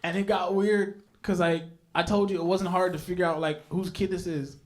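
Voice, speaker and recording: A man's voice: high voice, moderate pace. A young man doing a stand-up comedy set on stage, telling stories animatedly and bantering with the crowd. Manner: animated storytelling with big voice jumps for quoted people. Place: comedy stage before a live audience.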